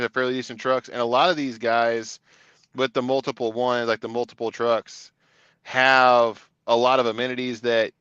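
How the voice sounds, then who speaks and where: A man with a smooth, resonant voice chats in a relaxed, rambling way on a podcast. The sound is dry and a little dull. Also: mid-range voice, dry recording. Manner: laid-back, talks in long run-on explanations. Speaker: CDL instructor, co-host. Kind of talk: casual podcast chat.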